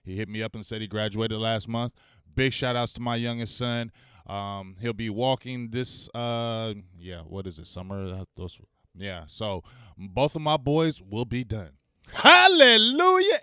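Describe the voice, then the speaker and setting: A man in his forties hosting a casual live-stream sports talk show, energetic and salty, firing off shout-outs. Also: fairly low pitch, measured pace, smooth, dry recording, studio quality.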